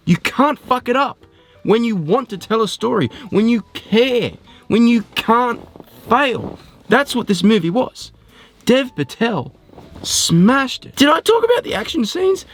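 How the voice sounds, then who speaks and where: A man giving a casual spoken film review, animated and rambling, often poking fun at himself. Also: high voice. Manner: animated, rambling, self-mocking.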